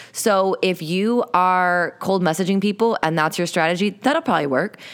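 A young adult woman hosting a solo podcast, chatting casually and coaching with an upbeat, playful tone. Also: on the low side. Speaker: podcast host and sales coach.

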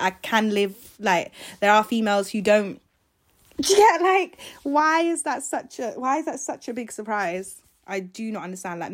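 A young woman hosting her own podcast in casual solo chat, rambling and leaving sentences unfinished. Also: medium pitch. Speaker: podcast host.

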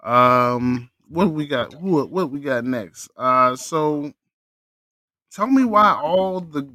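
A man co-hosting a casual sports podcast, animated and profane, teasing his co-host. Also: a little high, takes it slowly, dry recording.

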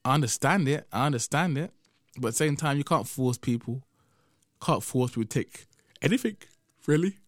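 A man's voice: mid-range voice, expressive, normal speed, no room sound, studio quality. A young man hosting a casual solo podcast, rambling conversationally and often adding "man", sounding tired and drowsy. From United Kingdom. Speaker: podcast host.

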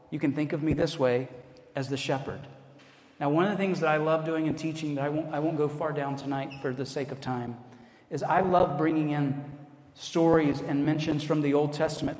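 A man's voice: on the high side, a little mellow. An American man preaching a sermon as a pastor, conversational, with self-deprecating asides. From United States. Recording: echoey hall, long reverb.

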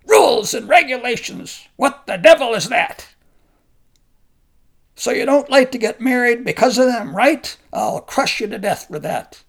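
A man voicing a huge, raging giant hunter, bellowing and snarling with a gravelly voice. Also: very high-pitched, lively intonation, measured pace, a bit bright, voice pushed up, heavily acted. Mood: furious. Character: raging nine-foot giant hunter, gruff old man.

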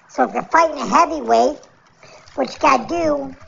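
A man's voice: very high voice, normal speed, creaky, a bit bright, slight background noise. A man ranting alone on his podcast, rambling and irritated, repeating his phrases. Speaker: podcast host. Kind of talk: solo podcast rant. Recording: dull lo-fi recording.

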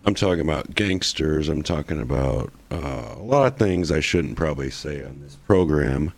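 A man's voice: very deep voice, expressive, normal speed. A man chatting loosely as a podcast guest, profane and full of restarts. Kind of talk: casual podcast chat.

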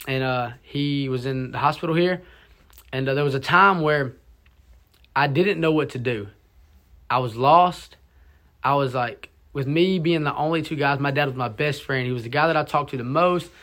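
Young man giving a halting personal testimony. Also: mid-range voice, a bit bright. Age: young adult. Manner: halting, emotional storytelling with many restarts and fillers. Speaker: college student sharing his testimony.

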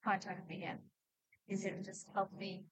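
A woman's voice: medium pitch, flat delivery, moderate pace, no echo, rough recording. A woman passer-by chatting casually outdoors, talking about a website she wants built and offering a side gig. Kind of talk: casual chat.

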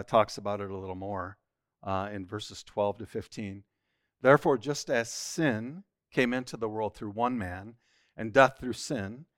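A man teaching scripture at a church study, reading a passage aloud and then explaining it in earnest, plain words. His voice sits fairly low. The sound is dry and close, with no room echo. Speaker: Bible teacher.

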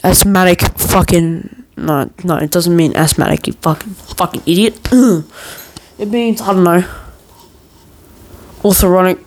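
A man's voice: high-pitched, unhurried, darkish tone, poor audio. A man hosting a podcast, telling a long story in a meandering, joking way full of swearing and restarts. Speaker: podcast host. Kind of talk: rambling casual storytelling.

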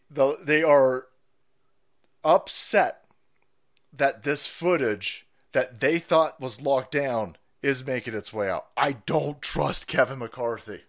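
A man hosting a profane, sarcastic political rant show, breaking into loud mock outrage. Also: a little high. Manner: foul-mouthed, sarcastic, shouting in mock outrage. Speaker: political commentary host.

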